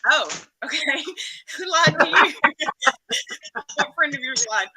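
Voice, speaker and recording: A woman's voice: sits high, animated, takes it slowly, a crowd in the background, poor audio. A woman with a Texan accent, chatting and teasing as the host of a live stream and greeting her viewers. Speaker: livestream host. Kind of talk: casual live-stream chat.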